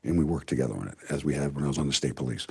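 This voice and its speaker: Very deep husky older man with Boston accent. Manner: mumbling, halting with frequent uh fillers. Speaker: security consultant at public comment. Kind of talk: public comment at a town meeting.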